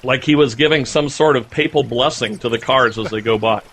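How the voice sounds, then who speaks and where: A man's voice: mid-range voice, brisk, slightly rough. Chatty man telling a story. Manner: animated storyteller, chatty with fillers. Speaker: podcast co-host. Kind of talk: casual chat.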